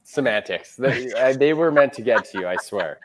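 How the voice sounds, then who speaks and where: A man's voice: mid-range voice, animated, normal speed. A man from Western Canada, a guest on a casual podcast, joking dryly. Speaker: guest, event team member.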